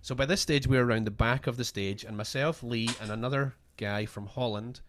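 A man's voice: medium pitch, a little fast, a bit bright, slight background noise. A chatty man co-hosting a podcast, telling a story in a loose, self-deprecating way. His voice is in an ordinary middle range, and his sentences restart often. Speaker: podcast co-host. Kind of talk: casual storytelling.

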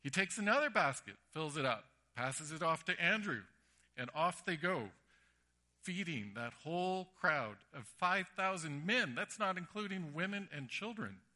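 A man's voice: fairly high pitch, measured pace. A man preaching a sermon, telling stories animatedly and acting out the voices. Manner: animated storytelling with acted-out voices.

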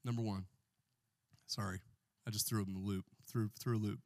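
A man's voice: fairly low pitch, level tone, normal speed, dry recording, clean studio sound. A man preaching a sermon as pastor in a church, joking with the congregation and calling for responses.

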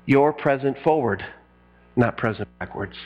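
A middle-aged man preaching a sermon in an animated style, acting out quotes and breaking into sudden loud bursts. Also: mid-range voice, unhurried, dull audio. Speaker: pastor.

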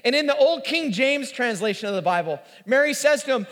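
A man in his forties preaching a sermon, telling the story in an animated way and acting out the voices. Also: very high voice, fairly quick, hardly any pauses. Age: 40s. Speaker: pastor. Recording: reverberant hall.

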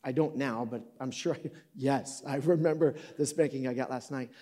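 A man's voice: medium pitch, fairly even intonation, moderate pace, dark tone. A man in his fifties from Michigan, preaching in a conversational way to a live audience in an auditorium, joking and correcting himself as he tells a story. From Michigan, USA. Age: 50s. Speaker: pastor.

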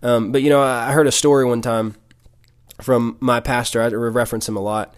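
A man's voice: mid-range voice, little pitch movement, brisk, smooth. A man teaching from the Bible in an earnest, conversational way, often restarting and repeating words. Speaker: podcast preacher.

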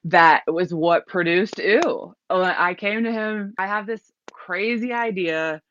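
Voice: mid-range voice, takes it slowly, a bit bright, a little hiss or hum. A singer-songwriter guest telling a story in a casual interview, rambling with many likes and restarts. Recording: dull lo-fi recording.

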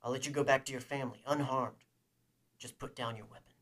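A man voicing a harsh, cold armored male bounty hunter who speaks soft, flat and clipped. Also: mid-range voice, brisk, close to an everyday voice.

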